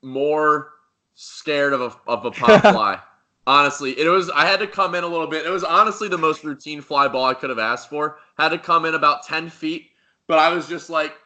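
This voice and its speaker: A young man co-hosting a casual sports podcast, talking excitably and rambling through restarts. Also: on the high side, moderate pace. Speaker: podcast co-host.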